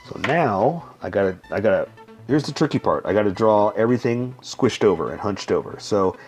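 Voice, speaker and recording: A man with a lowish voice calmly explains a drawing step by step as he works. His talk is loose and unhurried, with frequent "okay?" check-ins, and soft music plays faintly behind him. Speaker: drawing tutorial host. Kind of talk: casual step-by-step drawing instruction.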